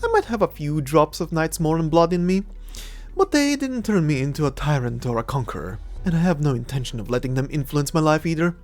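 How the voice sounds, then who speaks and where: A woman's voice: low voice, very animated, brisk, darkish tone, faint music behind. A woman playing a cocky, teasing adventurer-thief. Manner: playful, mocking, laughs often. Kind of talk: fan audio drama voice acting.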